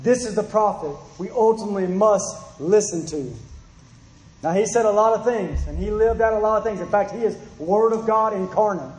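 High-voiced preacher with a drawl. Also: male voice, roomy sound, long reverb tail, low-quality recording. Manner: impassioned preaching, drops to a hushed prayer. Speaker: pastor. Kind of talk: sermon.

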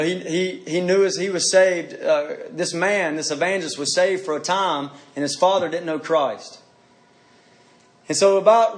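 High-voiced earnest male preacher. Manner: earnest, pleading, repeats phrases for emphasis. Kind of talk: sermon.

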